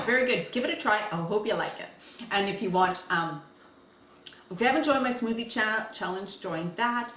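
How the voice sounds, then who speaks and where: Woman, cooking vlogger, chatty and easygoing, mid-pitched, echoey room with faint background hum. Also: a bit bright. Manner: chatty, laughs while talking and eating. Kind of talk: casual cooking demo.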